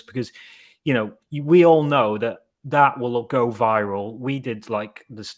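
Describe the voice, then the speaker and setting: Man, podcast co-host, chatty, casual swearing, mid pitch. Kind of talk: casual chat.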